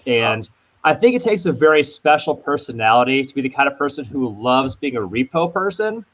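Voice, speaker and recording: A man co-hosting a casual interview who talks in a loose, animated way and chimes in with his own stories. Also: mid-range voice, a little fast, poor audio. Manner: animated, loose, fond of saying "like". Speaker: podcast co-host.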